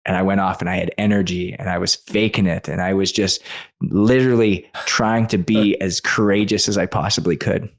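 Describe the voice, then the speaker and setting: A man with a fairly low voice, guest on a podcast interview. He tells a personal story earnestly, with feeling and quick asides. His delivery is conversational and heartfelt. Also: fairly even intonation, vocal fry. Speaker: guest author.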